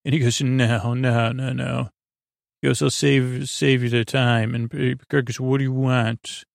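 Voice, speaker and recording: A man with a gravelly, creaky voice loosely recaps a story in casual chat, stumbling and filling pauses as he goes. His delivery stays flat and even, recorded close on a dry mic. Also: mid-range voice, no echo. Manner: loose, halting, many fillers, quotes characters in plain voice. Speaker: podcast host recapping an episode.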